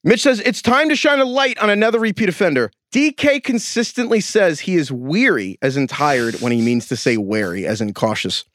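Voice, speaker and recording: A man co-hosting a casual sports podcast, talking in an animated, rambling, joking way. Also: a little high, fairly quick, few pauses, no room sound. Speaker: podcast co-host. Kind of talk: casual chat.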